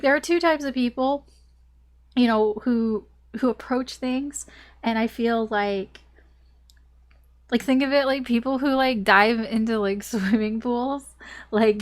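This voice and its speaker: A young woman doing a casual tarot reading, chatty and rambling with lots of "like" and small laughs, a little choked up with a cough. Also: a little high. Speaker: tarot reader.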